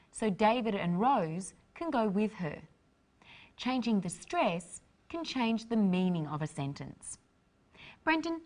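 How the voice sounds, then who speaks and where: Woman teacher explaining english phrases, slow and careful, lots of ups and downs in her voice. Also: mid-range voice. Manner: clear, deliberate, instructive delivery. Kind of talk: scripted teaching narration.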